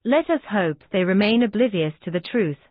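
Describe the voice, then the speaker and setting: Casting: woman voicing a cold bitter professor, slow, tinny and dry. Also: medium pitch, animated, dry recording, natural voice. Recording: dry, tinny phone-like sound.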